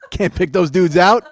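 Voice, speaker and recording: A man's voice: high voice, gravelly, slight background noise. A man in his forties from Chicago, a podcast host riffing through a sarcastic, profane comedic monologue in a small studio.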